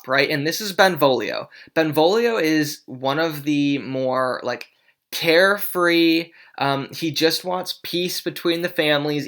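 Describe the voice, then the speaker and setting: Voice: mid-range voice, a bit bright. A young adult teacher explaining a play in casual talk, often checking in with the class. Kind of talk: classroom lesson.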